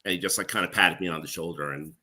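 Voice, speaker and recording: A middle-aged man, a guest and former page, telling stories in a casual, animated way and laughing often. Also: low-pitched, fast. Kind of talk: casual storytelling.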